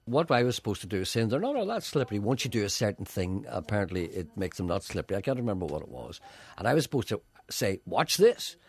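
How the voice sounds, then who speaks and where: A man with a Northern Irish accent presenting a comedy radio show, telling wry, rambling stories with a deadpan touch. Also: fairly low pitch, fast, slightly rough. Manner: wry, drifting into tangents, deadpan storytelling.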